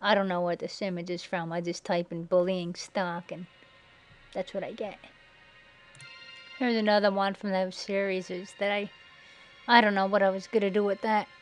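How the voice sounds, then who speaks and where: A woman's voice: little pitch movement, moderate pace, long pauses, poor audio. Sarcastic woman mocking, music behind. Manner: mocking, sarcastic, puts on shrill quoted voices. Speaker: video narrator. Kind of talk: sarcastic commentary over images. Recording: faint background music.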